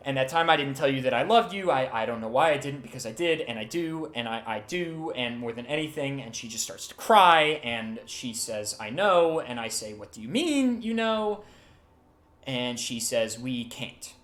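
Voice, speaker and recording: A man voicing a heartbroken man who tells of his lost love, halting and emotional. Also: medium pitch, a bit bright, close to an everyday voice. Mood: wistful. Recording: roomy echo, faint music.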